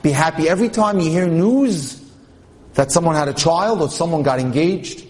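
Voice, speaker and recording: A man's voice: a little high, normal speed, a little mellow. A man giving an inspirational religious talk, telling stories and translating Hebrew quotes into English as he goes. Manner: mixes Hebrew terms into English speech. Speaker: religious lecturer.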